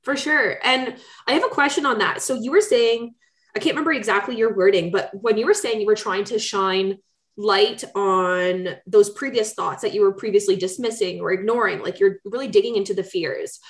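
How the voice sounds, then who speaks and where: A woman's voice: medium pitch, normal speed. A woman co-hosting a podcast who asks curious follow-up questions in casual chat. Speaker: podcast co-host.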